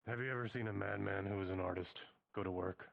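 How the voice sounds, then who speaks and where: A man's voice: lowish voice, steady tone, gravelly, no room sound, muffled recording. A man in a tabletop role-play, speaking formally and measuredly. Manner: formal, measured in-character talk.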